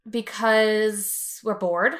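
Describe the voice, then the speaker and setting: A quiet, introverted woman co-hosting a podcast, hesitant with many ums, in casual chat. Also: mid-range voice, steady tone, drawn-out words. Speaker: podcast co-host.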